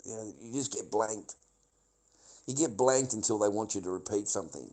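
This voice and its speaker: A man's voice: on the low side, moderate pace, a little mellow, poor audio. A middle-aged man, giving a rambling, bitter and heavily profane livestream monologue that loops back on the same points.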